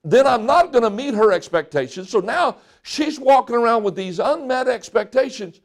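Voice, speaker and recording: A man's voice: very high voice, animated, moderate pace. A middle-aged male pastor preaching a folksy sermon, joking and acting out what people say.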